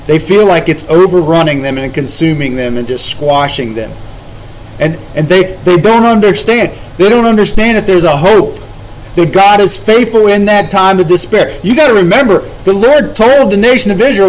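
A man's voice: sits high, animated, moderate pace, a little hiss or hum, poor audio. A man leading a casual Bible study, paraphrasing scripture in everyday words with emphatic, conversational delivery.

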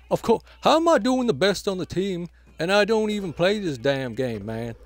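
A man's voice: sits high, very animated, moderate pace. A man giving casual gameplay commentary, grumbling and swearing at opponents and tacking "man" onto nearly every phrase. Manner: swears and trash-talks opponents. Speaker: gameplay commentator filling in for the channel owner.

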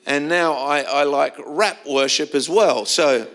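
A middle-aged Australian pastor preaches a sermon in church, his voice on the high side, slightly bright, and a little slow. He tells stories conversationally and often restarts his sentences.

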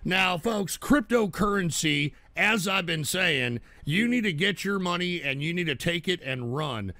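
A middle-aged man hosting a live show, ranting profanely and shouting at his chatters. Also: sits high, animated, a little slow, dry recording. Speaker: livestream host.

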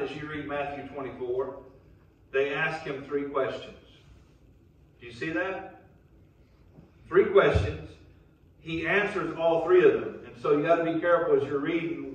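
A man, preaching a sermon as pastor, building to loud emphatic calls. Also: a little high, heavy reverb, far from the mic, rough recording. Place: church sanctuary.

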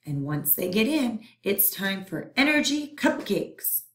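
A woman's voice: mid-range voice, very animated, a little slow, fairly bright tone. A woman voicing a bossy, scheming germ teacher who lectures her class, in a storybook reading. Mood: lecturing. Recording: roomy echo.

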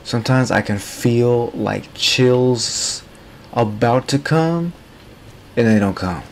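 A man's voice: mid-range voice, slow, slight background noise. A man giving casual, rambling commentary while playing a game. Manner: rambling, loose and chatty. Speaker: gaming streamer.

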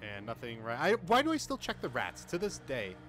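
A young man giving casual let's-play commentary, swearing often and swinging between muttering and excited outbursts. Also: mid-range voice, a little fast, soft background music.

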